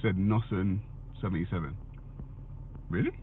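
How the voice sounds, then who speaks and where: A man's voice: low voice, moderate pace, husky. A man giving a blunt, casual opinion monologue, swearing and answering viewer comments. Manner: blunt, swears, repeats "you know what I'm saying". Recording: tinny phone-like dry sound.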